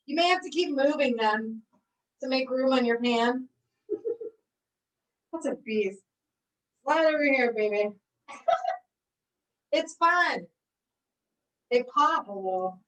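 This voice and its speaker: A woman's voice: sits high, animated, takes it slowly, pauses often, fairly bright tone, distant mic, rough recording. A woman leading a live online cooking class, bubbly and encouraging, laughing often as she talks her students through each step. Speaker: recreation therapy cooking instructor.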